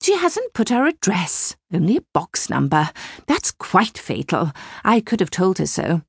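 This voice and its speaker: A woman's voice: fairly low pitch, wildly swooping pitch, unhurried, gravelly, husky, dry recording, studio quality, full character voice. A woman narrator voicing a chattering, snobbish middle-aged mother who prattles and gossips, in an audiobook. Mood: chatty. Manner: prattling, gossipy, easily scandalised. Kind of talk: audiobook character reading.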